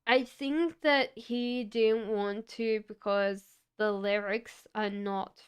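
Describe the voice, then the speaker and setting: A woman giving tarot readings on a live stream, talking gently and reassuringly with frequent fillers. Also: mid-range voice, steady tone, slow, clean tone. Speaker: tarot reader.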